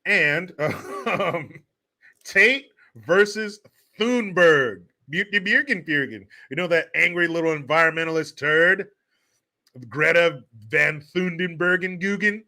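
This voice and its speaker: A man's voice: on the high side, slow, sharp tone. A man hosting a comedic political commentary show, talking in a crude, sarcastic way and laughing often. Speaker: host.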